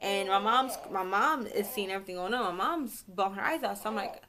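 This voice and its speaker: A young woman talks straight to her camera in a loose, chatty vlog. She rambles, backtracks and apologizes as she goes. Her voice sits at an ordinary middle pitch, picked up by the camera's own mic. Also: a little fast, few pauses, bright, forceful tone. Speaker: vlogger, new mother. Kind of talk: casual storytelling vlog.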